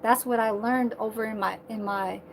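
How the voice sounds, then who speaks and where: Woman, 30s, livestream vlogger; higher voice, heated and profane ranting, faint hiss behind. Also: steady tone, moderate pace, vocal fry.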